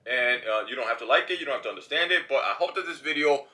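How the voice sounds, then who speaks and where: Animated New York man, bright tone. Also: mid-range voice. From New York City. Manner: animated, slangy, quick bursts with mimicked voices. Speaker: vlogger. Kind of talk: casual monologue to camera.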